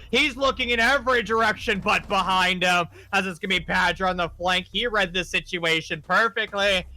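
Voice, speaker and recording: A young man casting a live esports match, giving energetic play-by-play and joking with his co-caster. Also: high-pitched, slight background noise.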